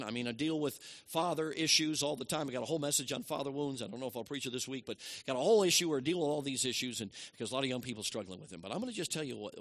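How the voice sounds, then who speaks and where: A middle-aged man delivers a sermon with a very animated voice that rises and falls across a wide range. He leans hard on key lines, then drops into quiet, hushed asides. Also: medium pitch. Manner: dynamic preaching, swinging from loud emphasis to hushed asides. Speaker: preacher.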